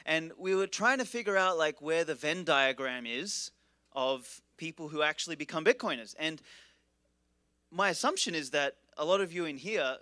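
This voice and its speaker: A man with a bright, clear voice introduces the next speaker at a conference. His delivery is casual and irreverent, full of crude jokes, and his sound is dry and close. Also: a little high, lively intonation, moderate pace, no room sound. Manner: irreverent, joking and profane. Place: conference stage.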